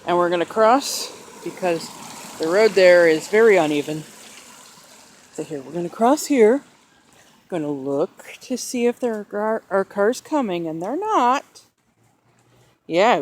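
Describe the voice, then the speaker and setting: A woman's voice: lowish voice, expressive, a little slow, pauses often. A woman walking outdoors with a handheld camera, chatting in a sing-song pet voice to her parrot. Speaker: vlogger. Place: outdoors on a street in the rain. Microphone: handheld camera while walking.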